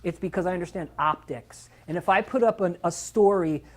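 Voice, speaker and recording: Speaking briskly in a high-pitched voice, a middle-aged man who trains dogs delivers a relaxed, lively seminar. He performs the voices he quotes and occasionally swears to drive a point home.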